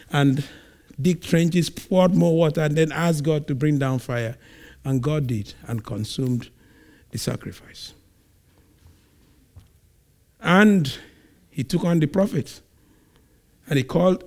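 A man from Nigeria preaching a sermon, retelling a scripture story in an animated way. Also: a little high. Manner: animated storytelling, acts out scenes.

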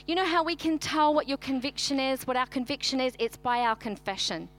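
Brief: high-pitched middle-aged woman pastor, chatty and animated sermon storyteller. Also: a little fast, few pauses. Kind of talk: sermon with personal stories.

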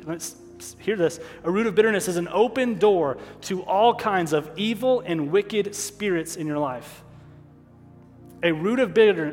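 A pastor preaching a sermon, emotional at times, repeating key phrases for emphasis. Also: male voice, high-pitched. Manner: emotional, stops to apologize and regroup. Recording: long hall reverb.

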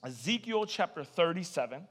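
Guy pastor, higher voice, chatty animated sermon w/ jokes. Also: normal speed. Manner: animated, joking storyteller. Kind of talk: casual conversational sermon.

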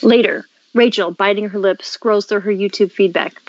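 A woman co-host reading script stage directions aloud in a brisk, matter-of-fact way. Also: medium pitch, steady tone, lo-fi sound. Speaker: podcast co-host.

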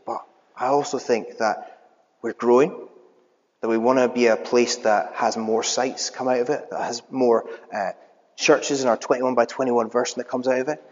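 A man preaching a sermon in a church hall, talking in a conversational way with some filler words. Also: mid-range voice. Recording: echoey hall, dull lo-fi.

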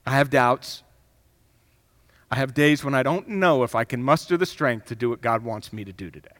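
A man preaching a sermon as pastor, swinging from loud, emphatic bursts down to hushed, reflective passages. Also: medium pitch, normal speed. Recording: long hall reverb.

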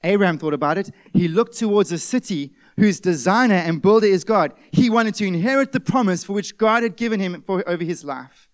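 A man preaching a sermon, stressing key words loudly and then dropping to a hush. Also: high-pitched, lively intonation, a little fast. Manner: emphatic preaching, swings between loud stresses and hushed drops. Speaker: pastor.

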